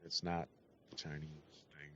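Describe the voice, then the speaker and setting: A man's voice: very deep voice, little pitch movement, moderate pace, bright, forceful tone, no room sound, highs cut off. A man co-hosting a casual podcast, telling stories in a laid-back, profane way. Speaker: podcast co-host. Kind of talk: casual chat.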